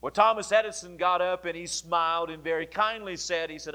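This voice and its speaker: A male pastor preaching a sermon, explaining scripture in a deliberate way and repeating key phrases. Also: sits high, steady tone, bright, forceful tone.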